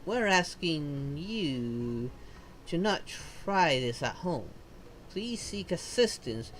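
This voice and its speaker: A woman voicing a perky young foxian livestreamer in a video game, talking in a chirpy, bubbly way with playful squeals, at a slow, unhurried pace. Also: deep voice, a little hiss or hum.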